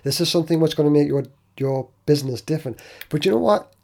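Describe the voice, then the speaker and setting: Man, podcast host, husky, warm mellow tone, earnest solo talk, frequent restarts. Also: fairly high pitch, fast talker.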